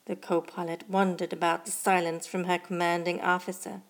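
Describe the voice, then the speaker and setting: A woman hosting a story podcast, reading scripted narration in a measured, steady way. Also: fairly low pitch.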